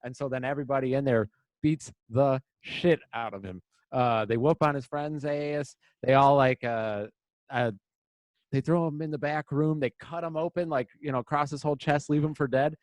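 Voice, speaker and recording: A man's voice: mid-range voice, normal speed, no echo. A young American man telling a rambling, crude story in casual podcast banter, full of fillers. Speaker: podcast co-host.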